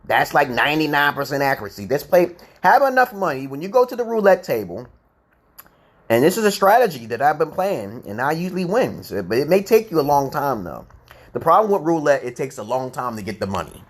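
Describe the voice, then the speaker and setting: Guy on a livestream teaching english, voice swings up and down a lot, kinda high, keeps going "okay? correct?". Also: sing-song, brisk, husky. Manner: lecturing, repeats himself, asks "correct?" and "okay?". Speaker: host of a live chat and English practice stream. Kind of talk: casual livestream chat and English lesson.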